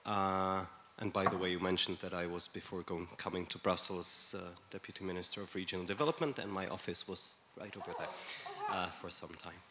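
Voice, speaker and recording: A man speaking as a panelist at a conference, in a measured way with frequent restarts. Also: low-pitched, heavy background noise. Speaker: panelist, EU official. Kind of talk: panel talk. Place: conference hall.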